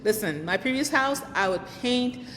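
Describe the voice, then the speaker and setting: A woman's voice: lively intonation, moderate pace, fairly bright tone. A woman hosting a vlog, giving chatty, encouraging advice and putting questions straight to the viewer. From United States. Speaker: vlog host. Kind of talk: casual advice talk to camera. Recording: long reverb, faint rumble.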